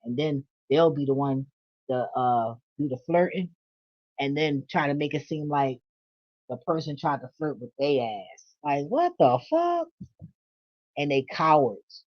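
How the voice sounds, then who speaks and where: A woman's voice: very deep voice, a little slow. A woman doing a casual tarot reading vlog, blunt and profane, with laughing asides. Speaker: tarot reader. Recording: dull lo-fi audio.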